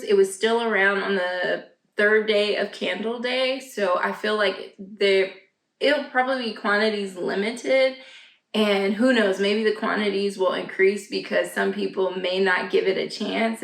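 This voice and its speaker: A woman's voice: mid-range voice, steady tone, moderate pace, creaky, a bit bright, reverberant, poor audio. A woman, chatting casually for her vlog, gushing and full of fillers and asides. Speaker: vlogger. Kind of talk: casual chat. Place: home, indoors.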